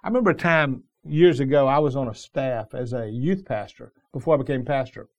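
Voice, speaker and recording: A man's voice: mid-range voice, fairly quick. A middle-aged man preaching a sermon as pastor, telling the story in a loose, conversational way with frequent restarts.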